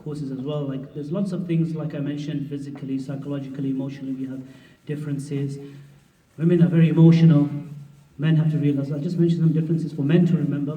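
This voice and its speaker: A man, a mufti, giving a conversational, humorous workshop lecture on marriage, acting out what spouses say. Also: on the high side. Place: mosque hall at a conference. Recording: roomy hall, distant mic, dull sound.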